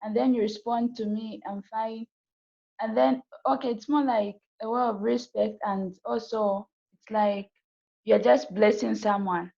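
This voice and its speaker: A woman's voice: fairly high pitch, steady tone, normal speed, vocal fry, warm tone, highs cut off. A woman, a guest on a video call, speaking hesitantly and searching for her words. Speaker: interview guest. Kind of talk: casual video-call chat.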